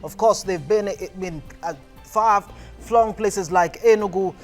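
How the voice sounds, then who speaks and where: Nigerian male TV host, high voice, probing and halting. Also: faint music behind. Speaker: news show host. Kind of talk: news talk show interview.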